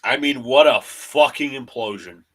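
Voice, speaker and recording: A man hosting a live fan stream, calling each pitch of a baseball game in short clipped phrases. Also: a little slow. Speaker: play-by-play host of a fan stream. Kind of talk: live fan play-by-play commentary.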